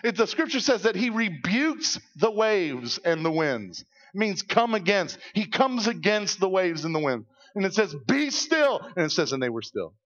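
Man preaching a lively sermon. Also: sits high, normal speed, few pauses, dull audio. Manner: animated storytelling, acting out voices. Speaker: pastor. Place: church.

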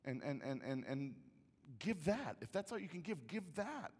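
A man's voice: fairly high pitch, moderate pace, slightly rough. Man preaching in a reverberant hall. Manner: conversational, repeats words, grows loud and excited in the story. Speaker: pastor. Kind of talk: sermon with a personal story. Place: church auditorium. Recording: long reverb of a large hall.

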